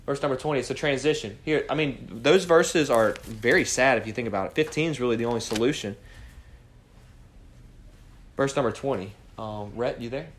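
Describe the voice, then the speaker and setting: A man leading a morning Bible study, preaching with lots of rhetorical questions and swinging from quiet asides to loud cries. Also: medium pitch, fairly quick, a little hiss or hum. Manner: animated, fires rhetorical questions at the group.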